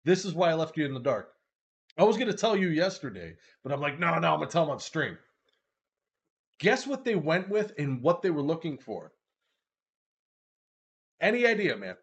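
A man co-hosting a casual streamed talk show, telling a story in a loose, profane, animated way. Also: a little high, moderate pace, long pauses. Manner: animated storytelling, profane, puts on silly British voices. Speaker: podcast co-host. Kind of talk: casual chat. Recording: dull lo-fi stream audio.

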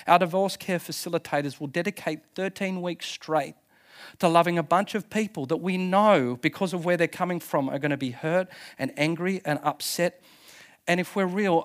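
Male pastor, emphatic and impassioned sermon delivery, somewhat high pitch. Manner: impassioned, emphatic, with laughs and restarts. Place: church service.

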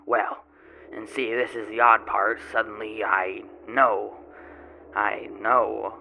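A man's voice: fairly low pitch, flat delivery, takes it slowly, creaky, sharp tone, a little hiss or hum, heavily acted, rough recording. A man playing a boastful, grubby male tomato grower, telling his tale in a rambling folksy way with odd grammar, in a first-person character monologue. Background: music.

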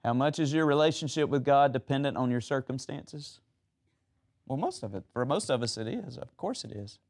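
A man's voice: medium pitch, lively intonation, moderate pace. A man preaching a sermon, retelling Bible stories and asking the audience questions.

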